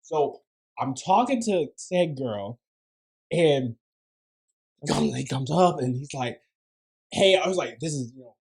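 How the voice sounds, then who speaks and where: A man's voice: fairly high pitch, animated, slow pace, gravelly, pauses often, a little mellow. A man hosting a podcast, telling a story in casual chat and laughing often as he goes. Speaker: podcast host.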